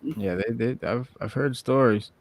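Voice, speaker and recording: A man hosting a podcast in excitable, casual chat with frequent stumbling restarts. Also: medium pitch, measured pace, gravelly. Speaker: podcast host.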